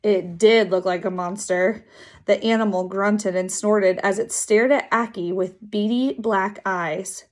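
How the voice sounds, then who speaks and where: A teacher reading a children's chapter book aloud with lively, drawn-out dramatic pauses. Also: female voice, mid-range voice.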